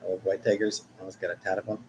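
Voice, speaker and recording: A man's voice: deep voice, completely flat delivery, very fast, darkish tone, dull audio, a little hiss or hum. A man in his forties chatting casually while showing family photos, rambling, jokey and self-mocking. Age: 40s. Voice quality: husky. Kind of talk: casual chat.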